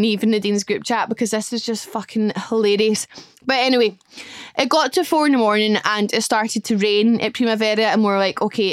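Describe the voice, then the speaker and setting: A woman's voice: a little high, clear, resonant tone, no room sound, studio quality. A young woman hosting a podcast, telling holiday stories in a chatty, gushing way and swearing casually. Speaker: podcast host. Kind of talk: casual solo storytelling.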